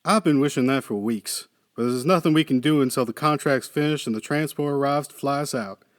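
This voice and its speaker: A man reading the part of a weary, skeptical male engineer with a dry, gruff manner. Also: medium pitch, brisk, dry recording, close to an everyday voice. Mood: musing.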